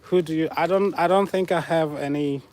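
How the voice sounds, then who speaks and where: A man's voice: fairly high pitch, steady tone, brisk, a little mellow. A man with a Southern African accent, playfully teasing viewers as he answers their guesses in a casual live stream. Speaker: livestream host reading chat.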